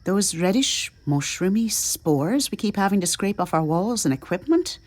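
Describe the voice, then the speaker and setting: A woman voicing a kind, caring woman scientist who speaks gently, at times in a whisper. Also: medium pitch, very animated, normal speed, voice pushed up. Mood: thoughtful.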